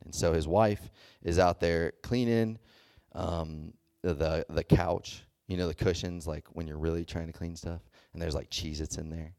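Youth preacher, male, low voice; loose, chatty delivery, keeps checking the room. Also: fairly even intonation, normal speed, gravelly, darkish tone, no echo, studio quality. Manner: conversational, checks in often with "okay?" and "does that make sense?"; loose and chatty, with many fillers and restarts. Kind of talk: casual sermon to a youth group.

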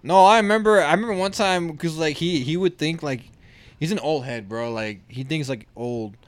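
A man's voice: on the high side, moderate pace. A young man telling school stories in casual chat with friends, slangy and acting out the people he quotes. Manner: slangy storyteller, acts out quotes with sarcastic voices.

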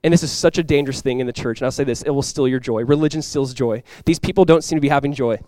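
A young man preaching a sermon as a pastor. He talks in a casual, conversational way with lots of "like," and swings from quiet, earnest lows to loud, excited highs. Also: fast, dry recording. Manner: casual and conversational, with many "like" fillers.

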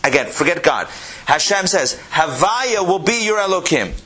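A man teaching a Torah class, animated, repeating phrases and asking his listeners questions. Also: high-pitched, moderate pace.

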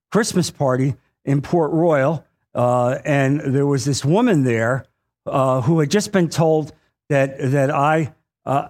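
A man with a high-pitched voice preaches a sermon in a lively, animated way. He sometimes stumbles and restarts as he talks, and he acts out the voices of the people in his stories. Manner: animated, acts out quoted voices, many fillers. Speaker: Bible teacher. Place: church or meeting hall.

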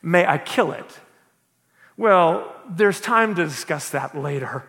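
A man's voice: on the high side, animated, slow pace, fairly bright tone, full character voice. A man voicing a flustered, evasive male ghost who stammers and apologizes while making excuses. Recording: echoey hall with long reverb.

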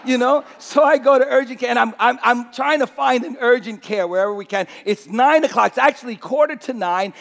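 A man, a pastor, telling a personal story in a sermon, animated, restarting sentences and saying "you know" often. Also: very high voice, brisk, creaky, few pauses, long reverb tail.

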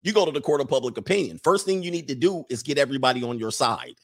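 A man's voice: medium pitch, lively intonation, rapid-fire. A man giving casual, chatty commentary over film clips, repeating himself and dropping into character voices. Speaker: video commentator.

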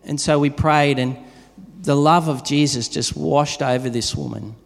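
A man's voice: fairly high pitch, steady tone, measured pace, vocal fry. A man preaching a sermon in a conversational way, telling everyday stories to his congregation. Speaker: pastor. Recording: long reverb of a large hall.

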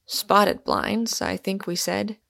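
A stern young man with mocking authority, as a woman narrator puts him on. He speaks slowly and severely, with a gravelly crackle. The sound is close and dry. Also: medium pitch, fairly even intonation, dry recording. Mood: roguish. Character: stern, roguish young man holding a pistol.

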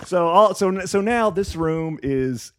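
A male comedian spinning a long story on a podcast, his pitch swinging up and down as he goes. He swears freely and laughs at his own punchlines, in a relaxed, chatty tone. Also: takes it slowly, heavy background noise. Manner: animated, profane, laughs often while telling a story. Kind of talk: casual storytelling chat.

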